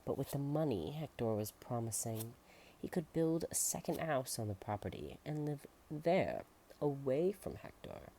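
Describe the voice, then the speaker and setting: A soft-spoken ASMR narrator reading a storybook aloud, slipping into whispers and making playful asides. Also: mid-range voice, very animated, normal speed, a little hiss or hum.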